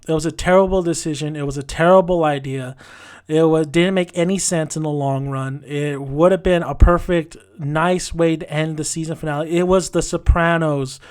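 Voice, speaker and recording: A man's voice: fairly high pitch, smooth. Frustrated man ranting in a review. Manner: frustrated, ranting, with many restarts. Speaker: TV show reviewer. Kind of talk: casual spoken review.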